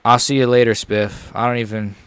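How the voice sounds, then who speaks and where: A young man reacting live to a fight he is watching, frustrated and ranting, dropping to mutters and rising to yells. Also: mid-range voice, level tone, brisk, clean tone, no echo. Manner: frustrated, swings between muttering and yelling.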